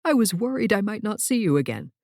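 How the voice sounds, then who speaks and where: A woman's voice: mid-range voice, very animated, quick pace, darkish tone, dry recording, studio quality. A woman reading an audiobook, voicing a fussy, dramatic male wizard clerk who speaks in a formal, theatrical way.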